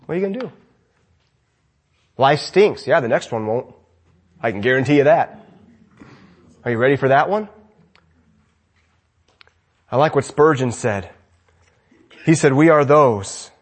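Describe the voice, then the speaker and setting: A man preaching a sermon with fervent energy, swinging between loud exclamations and hushed lines. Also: a little high, husky.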